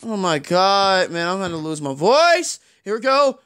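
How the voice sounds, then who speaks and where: A young man reacting out loud to a basketball video game, frustrated, swearing and yelling as he plays. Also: sits high, very animated, a little slow, clean tone. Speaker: gaming YouTuber. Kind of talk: live gameplay commentary.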